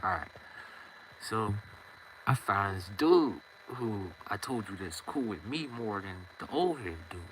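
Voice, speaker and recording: A man's voice: on the low side, measured pace, slight background noise, rough recording. A young man telling a casual storytime monologue in slangy street talk, acting out every side of the conversation. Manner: animated, slangy, acts out both sides of conversations.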